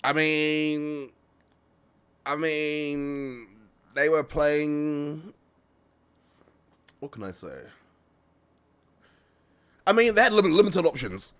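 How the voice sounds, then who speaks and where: A man co-hosting a casual podcast, animated, swearing and laughing a lot. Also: fairly high pitch, very slow, pauses often, clear, resonant tone. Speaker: podcast co-host. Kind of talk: casual chat.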